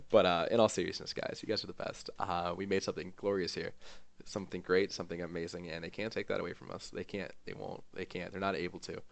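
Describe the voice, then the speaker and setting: A man streamer giving an emotional, rambling farewell to his gaming community, with lots of fillers and pauses. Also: low voice, little pitch movement, gravelly. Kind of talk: heartfelt farewell vlog.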